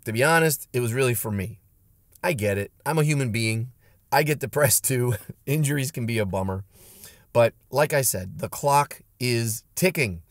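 Emphatic and punchy, a martial arts instructor hosting his channel delivers blunt pep-talk lines straight to camera. His medium-pitched voice moves at normal speed, captured as a dry, studio-quality recording.

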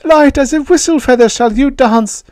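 A man's voice: normal speed, darkish tone, dry recording, clean studio sound. A man voicing Yith, a sly alien diplomat who hisses his eager promises. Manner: hissing, high and intense.

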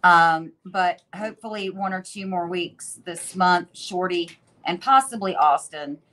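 Brief: woman host, unhurried, chatty, thinks aloud while demonstrating glazes. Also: on the low side, a bit bright. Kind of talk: casual demo narration.

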